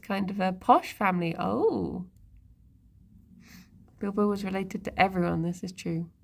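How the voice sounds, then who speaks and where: A woman's voice: a little high, gravelly. A woman streamer in casual live-stream chat, musing aloud and talking to her viewers and pets. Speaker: livestreamer.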